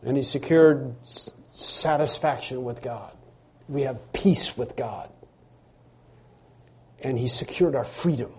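A man's voice: medium pitch, slow pace, pauses often, a little mellow, slightly rough. A man preaching a sermon, earnest, often repeating words as he builds to emphatic phrases.

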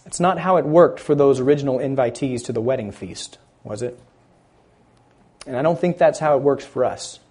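A man preaching a sermon, building loud on key words and dropping quiet at the ends of phrases, stressing scripture slowly. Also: medium pitch, husky. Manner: slow, deliberate emphasis on scripture phrases.

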